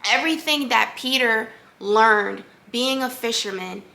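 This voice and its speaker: A woman's voice: fairly high pitch, a little slow, vocal fry, bright, forceful tone. A young adult woman hosting a faith podcast, talking in an earnest, conversational way with lots of fillers. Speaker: podcast host. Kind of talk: casual faith-based podcast monologue.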